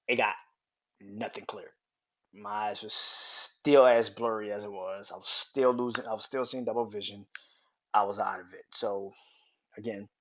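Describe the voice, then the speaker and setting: Man, low voice, casual podcast storytelling, rambling and repetitive, lots of swearing, dull lo-fi sound. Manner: rambling, repetitive, swears freely, chuckles often. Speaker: podcast host.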